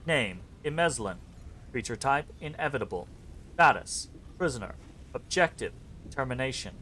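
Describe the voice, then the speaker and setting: A man voicing an imprisoned male metal construct in a flat, semi-robotic delivery of clipped, protocol-style statements. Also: mid-range voice, moderate pace, slight background noise. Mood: clinical. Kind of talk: reading game dialogue aloud.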